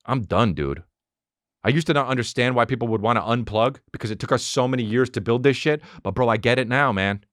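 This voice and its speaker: A man's voice: fairly quick, dry recording, studio quality. A man in his thirties hosting a solo comedy podcast, swearing freely and ranting. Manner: profane, animated, riffs into mocking high-pitched character voices. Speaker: podcast host.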